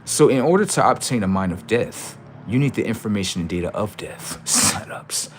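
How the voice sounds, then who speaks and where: A man with a fairly low voice lectures his livestream chat, repeating his points over and over. He swears freely, asks rhetorical questions, and sometimes bursts into loud outbursts. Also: expressive, brisk, a little hiss or hum. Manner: preachy, repetitive, profane, jumps into loud outbursts. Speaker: livestream host.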